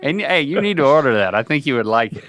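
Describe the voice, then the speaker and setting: A man's voice: on the high side, very animated, fast talker, fairly bright tone. A man hosting a casual podcast, playfully quizzing and coaching his father on pronunciation. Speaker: podcast host.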